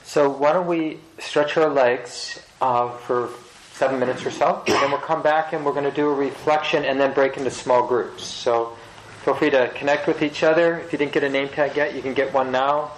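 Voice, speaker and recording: Male meditation teacher, measured and reflective, mid pitch, echoing meeting room. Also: fairly even intonation, a little hiss or hum. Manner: slow, measured, pausing to search for words. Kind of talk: reflective dharma talk to a group. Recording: roomy echo of a meeting hall.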